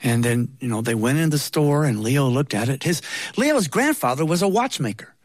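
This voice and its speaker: A man's voice: medium pitch, sing-song, normal speed, dry recording. A man telling a humorous personal story in a wry, conversational way with playful asides.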